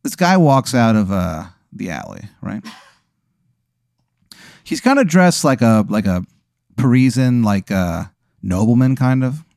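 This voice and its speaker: A man spinning an improvised comic scenario in second person, rambling with many fillers in a deadpan way. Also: mid-range voice, unhurried, creaky, pauses often, no room sound, clean studio sound. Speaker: host running an improvised scenario. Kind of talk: casual comedic storytelling.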